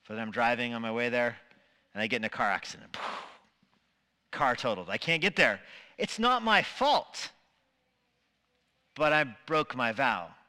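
Bright-voiced male preacher in a reverberant hall. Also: medium pitch, unhurried, pauses often. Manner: animated, acts out quoted voices. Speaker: pastor. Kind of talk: sermon. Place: church sanctuary.

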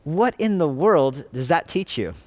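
Animated man preaching a sermon. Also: fairly high pitch, unhurried. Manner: animated, conversational preaching with rhetorical questions. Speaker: pastor. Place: church.

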